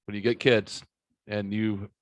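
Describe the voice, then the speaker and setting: A man in his forties hosting a podcast, telling stories in a rambling, animated, casual way. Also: on the low side, unhurried, dry recording. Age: 40s. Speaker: podcast host. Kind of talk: casual podcast chat, storytelling.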